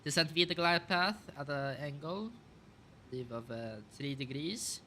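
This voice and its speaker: A slightly high, bright and forceful male voice, animated but a little slow, belongs to a flight sim streamer casually commenting on a simulated airliner flight. He calls out checklist items and thinks aloud with lots of fillers. Slight background noise is audible.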